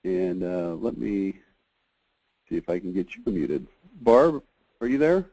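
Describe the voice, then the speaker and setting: A man hosting a casual conference call, chatty and halting, with many fillers. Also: sits low, sing-song, dark tone, poor audio. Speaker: host of a marketing review call.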